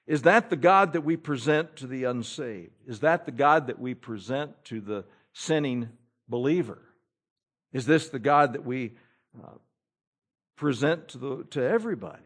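A man preaching a sermon, moving between loud exhortation and hushed pleading, and reading scripture in an old-fashioned cadence. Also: mid-range voice, animated, moderate pace. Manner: emphatic, rising and falling between loud exhortation and pleading hush.

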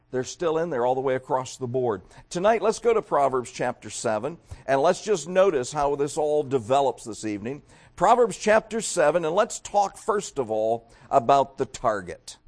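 A middle-aged man preaching a sermon, talking straight to his congregation and swinging from loud emphatic peaks to quieter asides. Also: a little high. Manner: emphatic preaching with rising and falling loudness; addresses the congregation directly. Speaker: pastor.

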